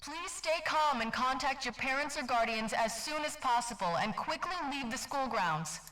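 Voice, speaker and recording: A woman's voice: high-pitched, expressive, moderate pace, sharp tone, rough recording. A woman voicing a school intercom announcer in a video game, speaking formally. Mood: urgent. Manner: formal, level delivery.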